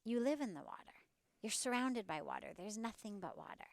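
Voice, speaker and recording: A woman's voice: medium pitch, big pitch swings, a little fast, creaky, a little mellow, no room sound. A woman voicing a frustrated man in a spoken parable, exasperated and scolding, recorded outdoors. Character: frustrated man yearning for God.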